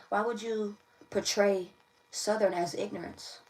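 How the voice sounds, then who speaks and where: A woman gives a casual tarot reading on a livestream, chatty and laughing often as she repeats her phrases. Her voice is medium-pitched at a moderate pace and sounds a bit distant from the mic.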